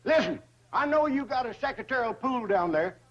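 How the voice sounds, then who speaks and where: A man's voice: very high voice, animated, moderate pace, a bit bright, full character voice. An actor playing a boastful, girl-chasing old hillbilly man with a rural drawl in a sitcom. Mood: grumbling. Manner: rural drawl, comic and chatty. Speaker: bank customer. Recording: dull old TV audio with laugh track and hiss.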